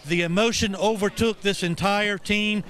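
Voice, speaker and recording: A man working as a pit reporter, interviewing the winner in victory lane with a raised, excited voice. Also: sits high, moderate pace.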